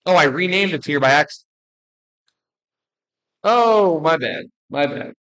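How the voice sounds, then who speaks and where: A young man ranking baseball players in casual commentary, blunt and joking, rambling with restarts and quick apologies. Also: a little high, sharp tone, low-quality recording. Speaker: baseball video creator.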